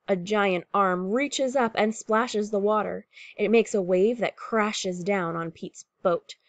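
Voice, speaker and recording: A woman's voice: mid-range voice, takes it slowly, dry recording. A woman teacher reading a picture book aloud to pupils and explaining what the story shows. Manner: warm, clear classroom explaining.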